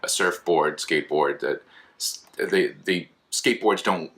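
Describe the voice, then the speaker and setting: A man in his thirties from California, a philosophy teacher giving a casual lecture, animated and acting out quoted voices with many restarts. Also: low-pitched, measured pace.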